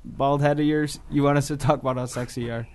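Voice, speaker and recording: A man's voice: medium pitch, steady tone, quick pace, darkish tone, slight background noise. A man co-hosting a podcast, reading strange news stories aloud between casual chat.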